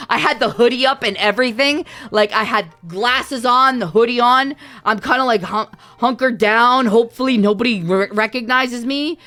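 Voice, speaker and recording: A woman streamer from Canada telling stories in casual livestream chat, animated, laughing often and swearing freely. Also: a little high, moderate pace, hardly any pauses, faint music behind. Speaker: VTuber streamer.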